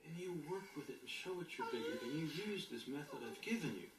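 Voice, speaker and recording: A spiritual teacher giving an emphatic, animated motivational talk to an audience, sometimes acting out inner voices with sudden shouts. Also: medium pitch, fast talker, slight background noise. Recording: roomy echo with faint ambience.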